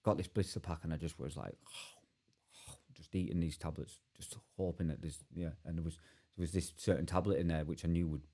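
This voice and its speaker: Man, candid guest storytelling, halting restarts, mellow dark tone. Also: low-pitched, steady tone. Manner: earnest and halting, many restarts. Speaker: podcast guest.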